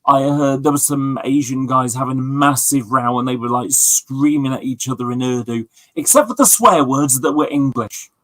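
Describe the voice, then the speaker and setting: A man's voice: medium pitch, normal speed, few pauses, a bit bright, dry recording, poor audio. A man chatting casually on a livestream with friends, telling long stories full of fillers and asides. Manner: rambling, storytelling with many fillers. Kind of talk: casual chat.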